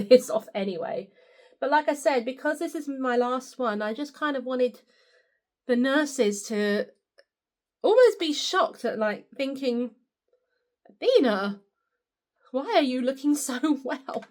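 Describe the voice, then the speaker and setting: A young woman giving a candid, upbeat personal testimonial and often turning to the listener with asides. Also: mid-range voice. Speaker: patient sharing her experience. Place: indoors at home.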